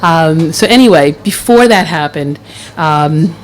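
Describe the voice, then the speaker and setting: A middle-aged woman from the Philadelphia area telling a personal story live on stage, wry and warm with laughing asides. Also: low-pitched, expressive, a little slow, slight background noise, poor audio. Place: event stage in front of an audience.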